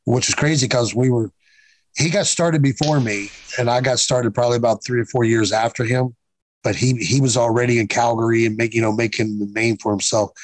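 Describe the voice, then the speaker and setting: A man in his fifties tells stories in a casual interview. He talks bluntly and swears freely, and he acts out the dialogue he quotes. His voice sits at an ordinary middle pitch and is recorded close and dry. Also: dry recording, rough recording. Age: 50s. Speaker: guest, former pro wrestler.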